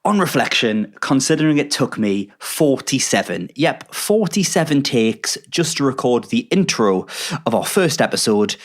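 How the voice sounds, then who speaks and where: A man, hosting a casual interview podcast with a self-deprecating, chatty manner. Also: medium pitch. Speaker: podcast host.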